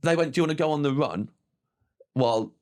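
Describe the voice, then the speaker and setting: This guest comedian, a man in his forties, talks in a slightly high voice and fairly fast. The chat is casual and animated, with him performing other people's voices, dropping lots of "like," and laughing often.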